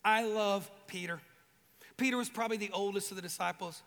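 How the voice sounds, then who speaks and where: High-voiced, animated preaching man. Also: fairly quick. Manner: animated, joking, acts out voices. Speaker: pastor. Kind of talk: sermon. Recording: long hall reverb.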